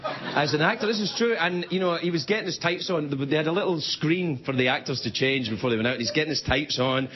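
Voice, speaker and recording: A man's voice: fairly high pitch, quick pace. A middle-aged man from Scotland, hosting a late-night show and telling rambling, self-mocking stories in a comedy monologue. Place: TV studio before a live audience. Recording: dull TV recording with loud audience.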